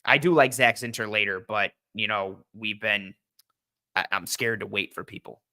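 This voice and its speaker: A man's voice: fairly low pitch, moderate pace, pushed and bright. A young man hosting a casual football draft discussion, rambling with fillers and restarts. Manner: rambling, lots of fillers and restarts, hums to himself while thinking. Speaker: podcast host. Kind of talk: casual draft-analysis chat.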